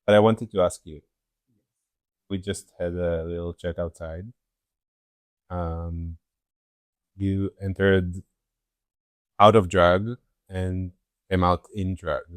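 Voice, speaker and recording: A woman's voice: extremely low pitch, level tone, takes it slowly, pauses often, dry recording. A woman co-hosting a podcast in casual chat, making self-mocking, jokey complaints. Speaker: podcast co-host.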